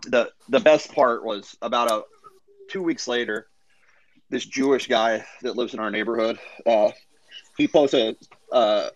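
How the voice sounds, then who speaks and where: A man's voice: medium pitch, fairly bright tone, muffled recording. A man in a casual online audio chat telling a sarcastic, profane story and acting out the other people's lines.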